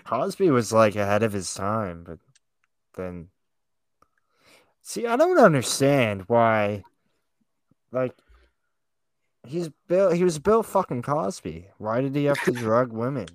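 A man's voice: mid-range voice, sing-song, takes it slowly, long pauses, dry recording, studio quality. A young man co-hosting a casual chat with friends, joking, swearing freely and laughing often. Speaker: podcast co-host.

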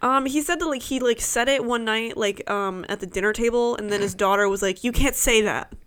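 Podcast co-host, woman, slightly high pitch, quick reactive asides. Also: fairly even intonation, fairly bright tone, clear, resonant tone. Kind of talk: casual chat.

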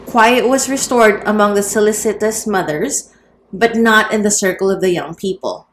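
A woman reads a classic novel aloud in a measured storytelling voice. She keeps the narration steady, then jumps her voice up for the excited dialogue. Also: a little hiss or hum. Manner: lifts pitch and volume for quoted characters. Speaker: audiobook reader. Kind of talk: scripted narration.

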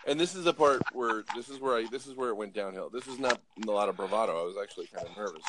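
Middle-aged guest raconteur, male, low-pitched, swears, acts out every line. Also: fast talker, background noise. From Los Angeles. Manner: animated, acts out voices, swears, frequent restarts. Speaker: guest storyteller. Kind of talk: casual storytelling.

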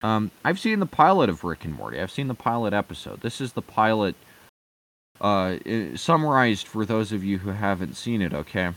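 Man, heated profane rant, lowish voice, lots of fillers and restarts. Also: sing-song, moderate pace, fairly bright tone. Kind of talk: ranting commentary.

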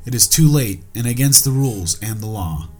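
A man's voice: mid-range voice, lively intonation, brisk, darkish tone, soft background music, close to an everyday voice. A man voicing a frightened poor farmer in a ghost story he reads aloud, his voice raised in alarm.

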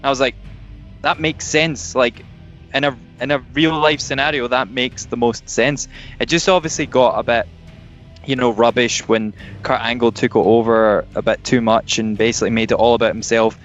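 A man co-hosting a casual podcast, explaining points at length in a relaxed way. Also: medium pitch, normal speed, soft background music. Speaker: podcast co-host. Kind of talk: casual chat. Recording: dull lo-fi podcast audio.

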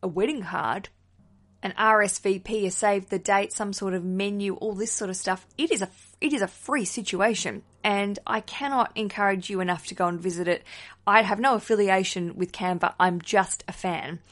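A young woman talks through her wedding podcast in a loose, conversational way. She is upbeat and enthusiastic, sometimes dropping a casual swear word. Her voice sits at an ordinary middle pitch. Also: fairly even intonation, normal speed, a bit bright.

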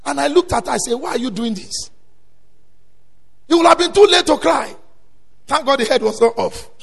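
Man, preacher, very high gravelly voice, emphatic sermon, long hall reverb. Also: expressive, fairly quick. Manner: emphatic preaching, swinging from low storytelling to loud exhortation.

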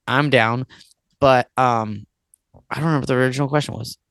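A man's voice: medium pitch, steady tone, a little fast, a bit bright, clean tone, no room sound. A man in his thirties, a musician and podcast guest, talking in a rambling, casual way with lots of "like" and frequent swearing. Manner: rambling, swears often, fills with "like".

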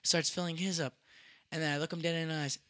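A man's voice: fairly high pitch, little pitch movement, fast, a bit bright, no echo. A young man in his twenties telling a rambling, profane story in casual podcast chat, dropping in Spanish phrases. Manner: rambling, profane, with frequent restarts.

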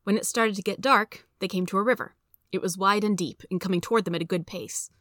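A woman narrating a children's story aloud in a steady, even storytelling manner. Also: medium pitch, quick pace, no echo, studio quality.

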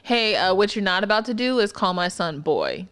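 A woman's voice: medium pitch, very animated, moderate pace, fairly bright tone, clear, resonant tone. A woman co-hosting a podcast in casual chat, telling stories in a playful, profane way. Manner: storytelling, playful, profane, laughing. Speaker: podcast co-host.

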